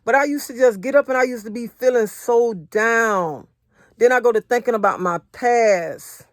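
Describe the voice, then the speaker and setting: A woman's voice: on the high side, moderate pace, no echo, studio quality. A married woman giving a motivational faith talk, repeating her points earnestly and sharing her own testimony in casual speech. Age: adult, married. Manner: repetitive, earnest, conversational preaching; personal testimony in casual vernacular. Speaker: faith encourager.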